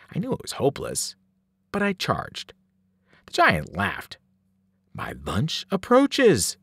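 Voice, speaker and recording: A man, a teacher, reading a novel aloud with dramatic, animated storytelling. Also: medium pitch, slightly rough, dry recording, studio quality. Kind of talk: novel read-aloud narration.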